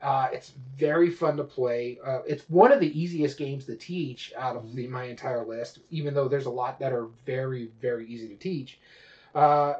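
A man's voice: medium pitch, a little mellow. A man co-hosting a podcast, chatting casually about games and rambling with many fillers and restarts. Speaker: podcast co-host. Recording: dull lo-fi audio.

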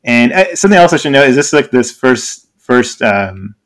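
A man telling an embarrassing story in casual podcast chat, animated and laughing often, with frequent restarts. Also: mid-range voice, normal speed. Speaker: podcast co-host.

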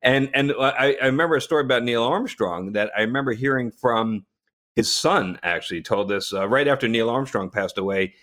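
A man hosting a casual chat, telling a story in a relaxed way with frequent restarts. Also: medium pitch, fairly quick.

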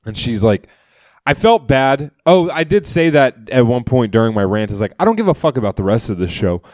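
At a brisk pace and in a mid-range voice, this comedian and podcast co-host spins a casual story, performing the quotes himself and cursing plenty along the way. The recording is clean studio sound with no echo.

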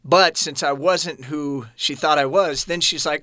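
A man in his late thirties telling his personal story as a podcast guest, earnest and halting, often restarting his sentences. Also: fairly high pitch, bright, forceful tone, no echo, studio quality.

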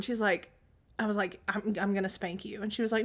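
A woman in her thirties co-hosting a podcast, telling stories in animated casual chat and acting out quotes, often clearing her throat. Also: mid-range voice, quick pace. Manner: animated storytelling, acts out quotes. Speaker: podcast co-host.

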